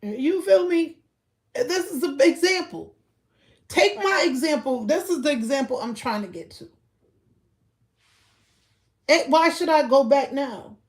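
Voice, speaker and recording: Woman ranting on a livestream, AAVE, kinda high voice, keeps going loud then mumbly. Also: lively intonation, measured pace, long pauses. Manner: ranting, keeps asking "you feel me", swings between loud outbursts and low mutters. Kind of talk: casual livestream rant.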